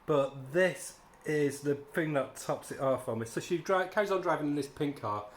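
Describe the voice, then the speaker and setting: Guy ranting sarcastically about a comic, kinda high voice, echoey room. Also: normal speed, slight background noise. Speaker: comic book reviewer. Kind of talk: casual spoken review.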